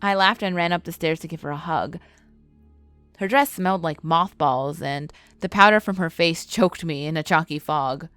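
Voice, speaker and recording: A woman telling a first-person scary story in a measured, scripted narration. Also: deep voice, a bit bright, clean tone, no echo, faint music behind.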